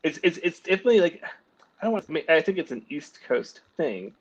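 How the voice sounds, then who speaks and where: A man's voice: fairly high pitch, very animated, fairly quick. Casual guest: a man from New Jersey, joking and easygoing, trailing into fillers. Sounds like a muffled video call. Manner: laid-back, jokey, trails off with fillers. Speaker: guest comic artist. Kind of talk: casual chat.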